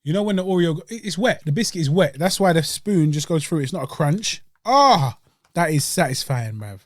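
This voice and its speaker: A man's voice: a little high, lively intonation, moderate pace, no room sound, studio quality. A young man, hosting a podcast and chatting casually about a dessert as he eats it. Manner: laid-back, slangy and chatty, eating while talking. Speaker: podcast host reviewing desserts. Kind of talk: casual chat.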